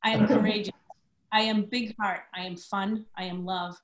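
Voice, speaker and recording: A woman on a video call quietly reading affirmations about herself. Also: mid-range voice, steady tone, moderate pace, echoey room, recorded from a distance. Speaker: group participant.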